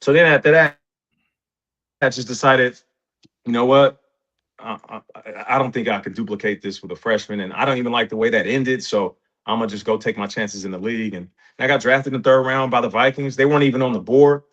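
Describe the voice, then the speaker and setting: A man in his forties, a guest in an interview, telling stories in a casual, animated way and acting out what others said. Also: fairly quick. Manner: animated, rises in pitch when excited, quotes others in dialogue. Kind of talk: casual storytelling. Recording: dull lo-fi sound.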